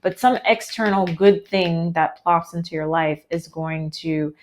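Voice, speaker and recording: A woman's voice: fairly low pitch, measured pace. A woman with an American accent giving a chatty, upbeat live tarot reading, full of "um" and "like". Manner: chatty and upbeat, heavy with fillers like "um" and "like". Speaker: tarot reader.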